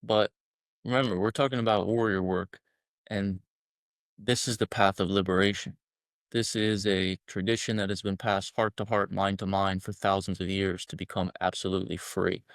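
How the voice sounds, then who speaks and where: A man's voice: low-pitched, flat delivery, moderate pace, no echo, clean studio sound. A man guest on a podcast, talking bluntly and emphatically, swearing freely as he makes his points. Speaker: guest, men's collective founder. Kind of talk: podcast interview talk.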